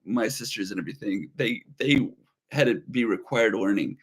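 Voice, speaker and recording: A man's voice: lowish voice, normal speed, slightly rough. Man, 30s, livestream co-host, rambling chatty delivery, reads chat aloud.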